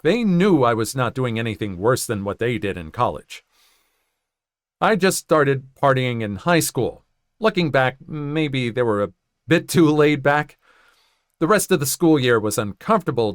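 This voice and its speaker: A man's voice: mid-range voice, fairly bright tone, no echo, studio quality. A man narrating a first-person story in a conversational way, with joking asides.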